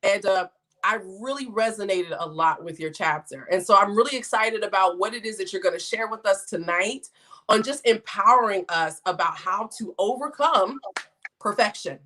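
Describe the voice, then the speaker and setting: A woman's voice: medium pitch, normal speed, fairly bright tone. A woman hosting a livestream in a casual, chatty way, reading viewer comments and hyping her guests. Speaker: host.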